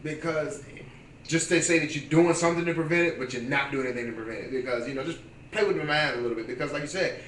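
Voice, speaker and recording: Guy chiming in on sports talk, halting, a bit off mic, echoey room. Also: a little high, a bit bright, recorded from a distance, a little hiss or hum. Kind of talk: casual sports chat.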